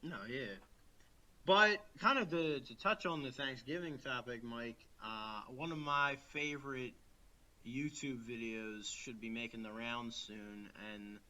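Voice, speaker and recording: A man's voice: medium pitch, measured pace, bright, forceful tone, a little hiss or hum. A man co-hosting a podcast, chatting casually and laughing often while recording remotely from home. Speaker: podcast co-host. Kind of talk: casual chat.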